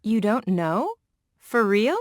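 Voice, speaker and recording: A woman's voice: medium pitch, very animated, slow, dry recording, studio quality. A woman voicing an enthusiastic young music fan in a scripted textbook dialogue, emphatic.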